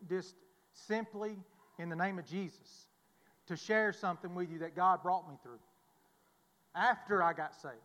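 Guy preaching in church, kinda high voice, stumbling folksy testimony, big hall echo. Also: a bit bright. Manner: halting, folksy, self-deprecating. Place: church sanctuary.

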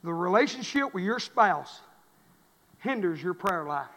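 High-voiced preacher in a hall. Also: male voice, very animated, a little slow. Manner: fervent preaching with rising shouts and soft storytelling. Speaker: pastor. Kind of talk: sermon. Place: church.

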